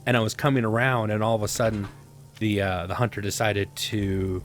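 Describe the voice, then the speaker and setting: A man's voice: lowish voice, flat delivery, fairly quick, soft background music. A man casually commenting on his own survival gameplay, rambling to himself with sarcastic asides. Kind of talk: casual let's-play commentary.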